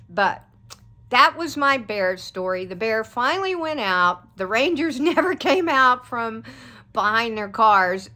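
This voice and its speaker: Lady rambling thru a story, kinda high voice, talks real slow. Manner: rambling, animated storytelling with restarts and laughs. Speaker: vlogger. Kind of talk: casual storytelling to camera.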